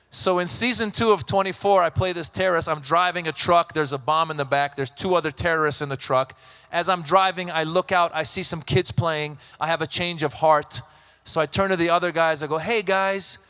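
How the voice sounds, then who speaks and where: A man from Iran in his thirties doing stand-up comedy, telling animated stories and acting out voices. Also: a little high, brisk, clean tone. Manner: animated storytelling, acts out voices.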